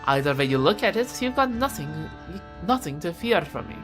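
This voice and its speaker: A woman's voice: low-pitched, normal speed, over music, natural voice. A woman voicing a confident, flirty female bodyguard with a teasing manner, reading game dialogue aloud. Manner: teasing, playful.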